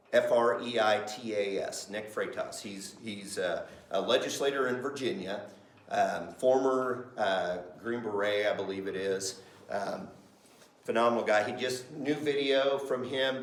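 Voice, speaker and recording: A middle-aged male pastor teaching a Sunday School class in a lively, conversational way, often putting questions to the class. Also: medium pitch. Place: church classroom. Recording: roomy echo.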